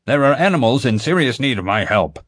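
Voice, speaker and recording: A man's voice: medium pitch, sing-song, brisk, a bit bright, breathy edge, pitched above the performer's own voice. A man voicing a blunt, stubborn veterinarian man in an audiobook, dry and dismissive. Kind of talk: audiobook character voice.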